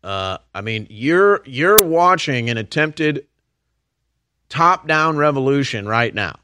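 A man's voice: mid-range voice, animated, slow pace, sharp tone, smooth. A man hosting a political commentary show, delivering a heated, ranting monologue straight to his audience. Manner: heated, ranting, addresses listeners as folks and man.

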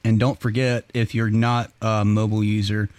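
A man's voice: fairly low pitch, flat delivery, normal speed, a little mellow, smooth, no echo. A man hosting a podcast in casual chat. He swears freely, laughs often and tells stories. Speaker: podcast host.

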